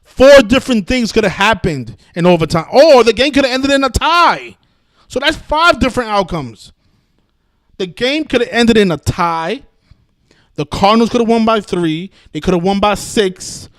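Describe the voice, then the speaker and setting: A man with a high voice rants on a live stream, combative and full of curses, tripping over restarts as he talks. The sound is dry and close, with no room around it. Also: animated, moderate pace, no room sound. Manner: combative, cursing, repetitive restarts. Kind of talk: heated live-stream rant.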